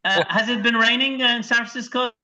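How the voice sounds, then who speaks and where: A man from Iraq doing a stand-up set over a video call, telling deadpan one-liners and acting out his wife and his dog. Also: very high voice, a little fast. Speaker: stand-up comedian. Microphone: video call microphone. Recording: dull lo-fi video call audio.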